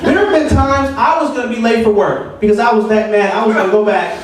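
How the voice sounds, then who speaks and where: Stand-up comic, male, higher voice, rambling rants; echoey room, mic at a distance, crowd audible. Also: quick pace, noisy background. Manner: rambling, ranting storytelling. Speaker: open mic comedian. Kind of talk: stand-up comedy. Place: open mic venue with audience. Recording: echoey room from far off, audience.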